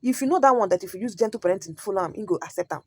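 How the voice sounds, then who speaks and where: A woman's voice: medium pitch, expressive, racing, a little mellow, husky. A Nigerian woman hosting a reaction video, chatty and storytelling, slipping into pidgin. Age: adult parent. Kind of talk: casual reaction commentary.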